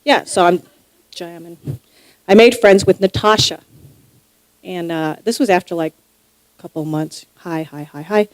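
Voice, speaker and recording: A woman from New York doing a stand-up set. She talks haltingly, repeating herself and restarting her sentences. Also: lowish voice, no room sound, low-quality recording. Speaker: stand-up comic. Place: stage before a live audience.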